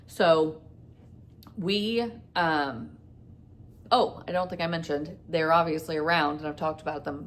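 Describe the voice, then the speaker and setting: Woman vlogger, low gravelly voice, chatty storytime, faint hiss behind. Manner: rambling, retelling dialogue with many fillers. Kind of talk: casual storytime.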